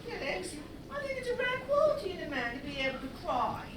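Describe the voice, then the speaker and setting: Giggly flirt played by a woman, very high and lively, on a distant echoing stage. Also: fast talker. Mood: flirty. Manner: giggly, gushing. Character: giggly flirtatious English woman, middle-aged. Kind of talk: live stage acting. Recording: echoey stage, distant mic, noisy audience.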